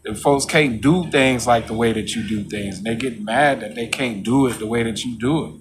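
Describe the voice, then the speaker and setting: A man's voice: moderate pace, noisy background. Man musing in a casual monologue. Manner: preachy, repeats "you know what I'm saying"; mocks coworkers in a high voice.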